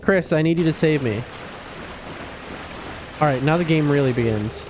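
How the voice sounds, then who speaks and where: Casting: male streamer, slightly higher voice, playful and wisecracking, light background hiss. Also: normal speed, darkish tone. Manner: joking, playful, talks back to the game. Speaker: livestream gamer host. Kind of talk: casual gaming stream commentary.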